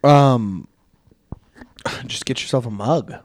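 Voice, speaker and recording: A man's voice: medium pitch, drawn-out words, slight background noise. A young man co-hosting a casual beer-tasting podcast, rambling and hesitant with lots of fillers. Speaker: podcast co-host. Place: home studio.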